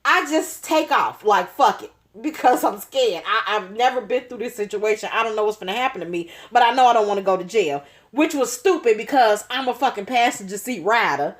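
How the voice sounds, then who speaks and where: A woman spins a casual story for her channel. Her talk is lively and slangy, full of swearing. Her voice sits high and swings widely. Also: fairly quick, hardly any pauses. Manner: animated, profane, slangy. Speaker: nail artist, channel host.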